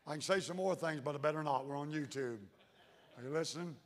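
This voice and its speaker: Folksy preacher in a hall. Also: male voice, quick pace. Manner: folksy, preacherly, drops to low intense tones. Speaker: pastor. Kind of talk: sermon. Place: church sanctuary. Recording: church hall reverb.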